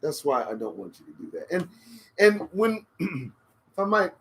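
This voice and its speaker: Brief: male live-stream host, somewhat high voice, swings his pitch widely, swears and preaches, rambles with emphasis, desk condenser mic. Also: very animated, unhurried, very noisy. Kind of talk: casual live-stream monologue. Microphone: desk condenser microphone.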